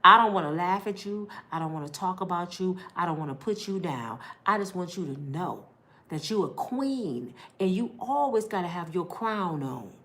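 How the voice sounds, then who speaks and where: A middle-aged woman vlogger giving heartfelt life advice in an animated, preachy big-sister way. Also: fairly low pitch, moderate pace.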